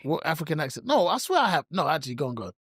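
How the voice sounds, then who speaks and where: A young man co-hosting a podcast, animated and excitable. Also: fairly high pitch, rapid-fire, breathy edge, no room sound, studio quality. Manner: animated, excitable, laughing often. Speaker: podcast co-host. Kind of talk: casual podcast chat.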